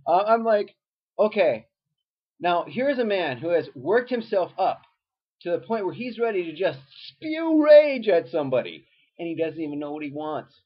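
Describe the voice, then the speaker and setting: A man's voice: high voice, sing-song, moderate pace. A man, a former teacher, giving casual advice and telling stories in a conversational way with lots of fillers. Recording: dull lo-fi recording.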